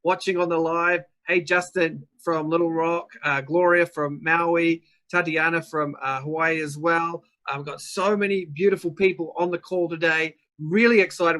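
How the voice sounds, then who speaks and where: A man's voice: on the high side, fairly bright tone. A man with a New Zealand accent hosting a live webinar, upbeat and chatty, greeting viewers by name as he teaches. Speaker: webinar host and business coach.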